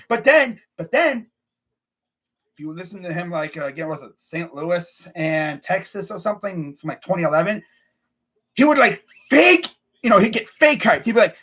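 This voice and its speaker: Husky, high-voiced young man ranting. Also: expressive, normal speed, fairly bright tone. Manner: ranting, exasperated, repeats himself. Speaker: sports channel host. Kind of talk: casual sports rant.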